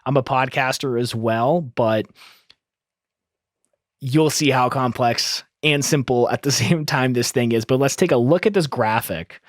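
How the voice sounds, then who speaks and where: Speaking at a measured pace in a mid-range voice, a man hosts a screen-recorded audio tutorial and explains each step in an upbeat teaching style. The close studio mic yields sound with no echo.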